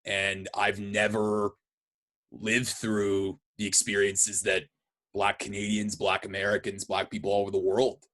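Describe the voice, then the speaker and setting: A man's voice: lowish voice, completely flat delivery, a little slow, a bit bright. A man hosting a podcast interview, framing his questions carefully. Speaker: podcast host.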